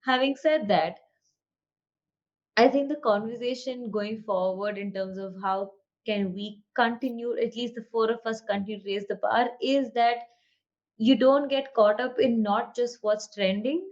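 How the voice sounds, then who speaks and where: A woman's voice: a little high, unhurried, darkish tone, highs cut off. A woman co-hosting a podcast in casual chat, earnest and reflective, slipping Hindi words into her English. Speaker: podcast co-host.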